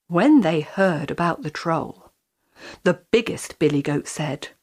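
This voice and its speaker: A woman storyteller telling a children's fairy tale in an expressive, animated manner. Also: low voice, slow.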